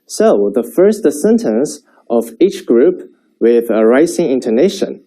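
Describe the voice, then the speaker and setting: Male language teacher, scripted lesson, slow and clear, mellow tone, lively pitch. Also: rough recording. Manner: slow, clear modeling of sentences for repetition.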